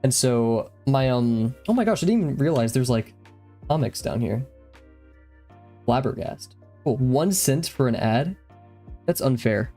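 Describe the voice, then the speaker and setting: A man's voice: medium pitch, animated, a little slow, long pauses, dark tone, soft background music. Breathless, rambling young man streaming. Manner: rambling, easily distracted. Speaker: drawing live-streamer. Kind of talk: casual live-stream chat.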